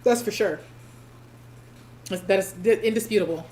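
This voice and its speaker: A woman's voice: medium pitch, moderate pace, a little mellow, slight background noise. Sassy woman doing pageant reaction commentary. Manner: sassy, playful, laughs often.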